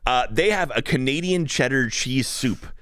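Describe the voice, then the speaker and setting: A man co-hosting a casual podcast chat, excitable and full of restarts. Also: medium pitch, normal speed, clean tone, dry recording, clean studio sound. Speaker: podcast co-host.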